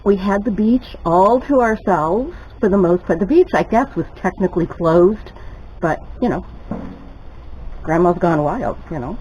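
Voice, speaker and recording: An older woman talks at an unhurried pace while frying food in her home kitchen. She tells stories in a chatty way, laughs often and gets excited as she goes. A faint hum of room ambience sits behind her voice. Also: mid-range voice, poor audio. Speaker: cooking vlogger. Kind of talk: casual storytelling while cooking.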